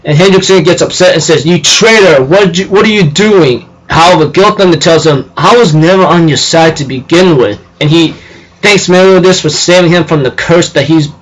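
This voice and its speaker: A man's voice: a little high, fairly quick, poor audio. A man casually recapping an anime episode, rambling with lots of fillers and repeated phrases. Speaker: anime reviewer.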